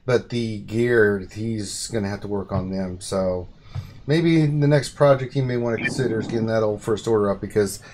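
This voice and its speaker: A man hosting a casual gaming chat, talking through team builds with excited outbursts. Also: on the low side, moderate pace. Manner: excitable, bursts of exclamation. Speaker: stream host. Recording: hissy stream with clicks.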